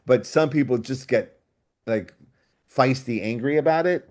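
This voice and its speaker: Speaking a little slowly in a mid-range voice, this man is a writer guesting on a book club show via video call. The discussion is casual, and he's enthusiastic, thinking aloud through long tangents.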